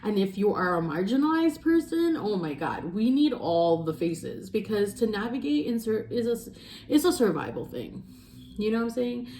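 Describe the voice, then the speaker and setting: A woman's voice: medium pitch, moderate pace, reverberant, a little hiss or hum. A woman, an intuitive counselor, giving an emphatic spiritual reading, repeating phrases and laughing as she goes. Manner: emphatic, repetitive, animated with laughs.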